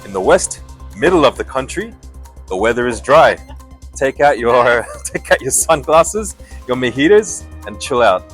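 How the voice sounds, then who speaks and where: A man's voice: mid-range voice, big pitch swings, measured pace, fairly bright tone, soft background music, voice pushed up. A man doing a breezy TV weatherman. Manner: breezy, jokey forecaster delivery. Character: upbeat male TV weatherman.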